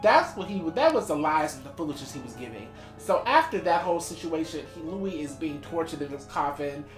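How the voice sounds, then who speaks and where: A woman co-hosting a casual podcast, retelling scenes animatedly and acting out the quotes. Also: deep voice. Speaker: podcast co-host. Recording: echoey room with faint music.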